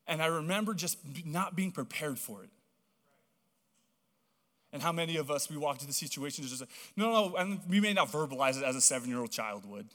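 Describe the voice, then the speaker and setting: A young man from Hawaii preaching a sermon, telling stories in a chatty, animated way full of casual fillers. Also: on the high side, brisk. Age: young adult. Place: church auditorium. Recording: long reverb of a large hall.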